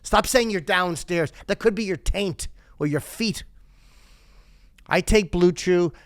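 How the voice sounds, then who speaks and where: A man's voice: high voice, takes it slowly, no echo. Man, fifties, podcast host, sarcastic ad-libbed ad reads, crude humor, dry close sound. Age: 50s. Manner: crude, sarcastic, riffs off script. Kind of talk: ad-libbed live sponsor reads.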